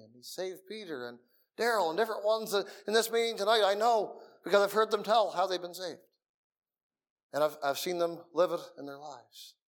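A middle-aged man preaching a sermon in a meeting room, earnest, dropping to soft murmurs and rising again for emphasis. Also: high voice.

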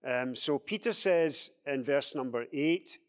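A man's voice: mid-range voice, measured pace. Give me a man leading a Bible study in a big echoing hall, bringing the verses to life. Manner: animated, acts out quoted speech in a raised voice.

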